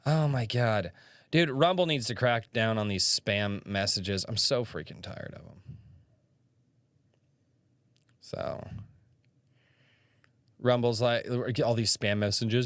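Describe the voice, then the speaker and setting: A man's voice: on the low side, slow, long pauses, fairly bright tone, no room sound. A young man hosting a casual livestream podcast, telling stories and reading chat comments aloud as he talks. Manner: chatty storyteller, reads chat aloud.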